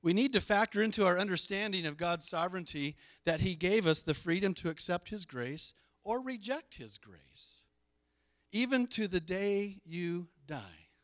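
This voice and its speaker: Male pastor, middle-aged, emphatic sermon delivery, slightly high voice, dry sound. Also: lively intonation, normal speed, fairly bright tone, no echo. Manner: emphatic, call-and-response with congregation.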